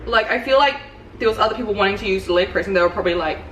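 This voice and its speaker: A woman's voice: medium pitch, very fast, a bit bright. A young woman chats in a loose, rambling vlog style, her stories full of "like", sitting some way back from the mic. The room sounds echoey, with a faint ambient hum behind her. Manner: chatty storytelling, full of "like". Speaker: fitness coach. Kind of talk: casual vlog chat. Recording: roomy, distant, faint ambience.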